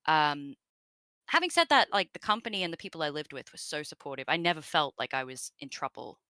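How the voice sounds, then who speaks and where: Bright chatty Australian woman. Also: low voice, animated, brisk, no echo. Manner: chatty and rambling, with many fillers and asides. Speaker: voice actress guest. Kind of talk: casual interview chat.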